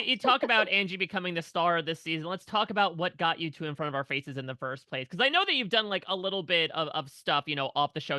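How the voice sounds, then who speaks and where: Fast bright-voiced male interviewer. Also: fairly high pitch, no echo. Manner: rambling, hedging questions. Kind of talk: interview questions.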